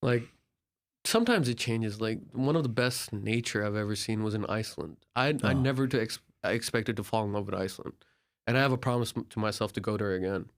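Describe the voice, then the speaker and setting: A man's voice: on the low side, quick pace. Chatty young man from turkey telling travel stories, acts out the dialogue, lots of "like" and "dude". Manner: animated, filler-heavy, acts out dialogue. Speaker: podcast guest, traveler. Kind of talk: casual storytelling.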